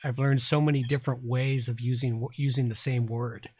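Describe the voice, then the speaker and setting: A man's voice: mid-range voice, steady tone, a little fast, a little mellow, breathy edge, no echo. A middle-aged man with a faint Southern US accent hosting a live stream in casual chat, a bit tipsy, jovial and rambling. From Southern United States. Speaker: stream host.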